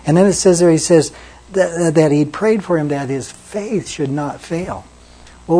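A man preaching an evening sermon in a mellow, slightly husky voice. He talks earnestly and drops soft and low whenever he repeats a name from scripture. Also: poor audio. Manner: earnest, repeats names softly for emphasis. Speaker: pastor.

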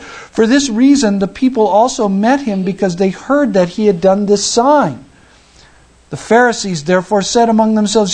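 A man with a notably high voice preaching a sermon. He tells the story in a relaxed, conversational way, stumbling over and restarting his sentences as he goes. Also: moderate pace. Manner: conversational, acts out the people in the story; frequent restarts and fillers. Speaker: pastor.

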